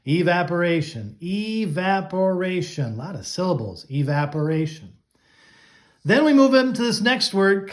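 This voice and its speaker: High-voiced teacher stretching out vocabulary words. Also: male voice. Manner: clear, coaching, drawn-out vocabulary words. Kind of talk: online class lesson.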